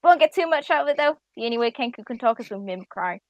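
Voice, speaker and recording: A woman with a somewhat high voice narrates as dungeon master of a tabletop game, hesitating often and laughing between lines. The sound is dry and close. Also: lively intonation, very fast, no room sound, muffled recording.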